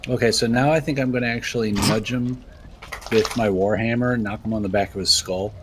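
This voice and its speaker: A man playing a tabletop game, joking in a deadpan way. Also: on the low side, brisk, background noise. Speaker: player. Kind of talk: casual tabletop game play.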